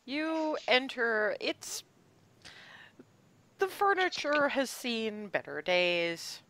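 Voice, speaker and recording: A woman narrating a tabletop game as game master, unhurried and searching for words as she describes the scene. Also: fairly high pitch, big pitch swings, fairly bright tone.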